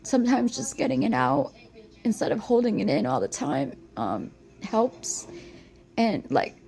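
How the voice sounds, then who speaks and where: A woman crying as she records a halting, rambling confessional monologue on her phone. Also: fairly high pitch, very animated, creaky, darkish tone, rough recording. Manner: halting, rambling, repeats herself. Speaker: vlogger.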